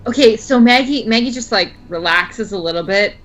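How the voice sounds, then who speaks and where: Bright-voiced woman, quick teasing lines. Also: on the high side, expressive, muffled recording. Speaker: player in a tabletop game. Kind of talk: casual play-along chat.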